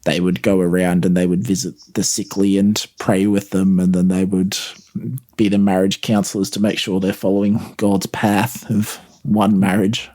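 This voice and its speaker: Man, podcast co-host, fairly low voice, wry deadpan delivery. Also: normal speed. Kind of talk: casual chat.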